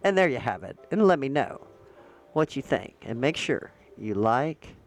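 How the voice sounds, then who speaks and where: A woman's voice: rumbling low, very animated, measured pace, faint music behind. A woman vlogger chatting casually to her viewers about politics and holidays, rambling and using slang.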